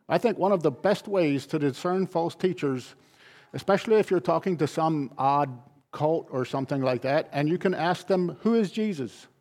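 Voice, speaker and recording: A man's fairly high, somewhat mellow voice carries this sermon. The pastor relies on emphatic repetition, circling back to phrases to make his points land.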